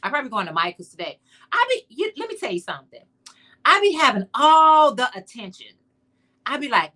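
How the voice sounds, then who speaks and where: Woman, livestream host, casual chat, bright tone, playful asides to viewers. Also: high-pitched, very animated, a little fast. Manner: chatty, playful, talks straight to viewers; sassy, teasing asides.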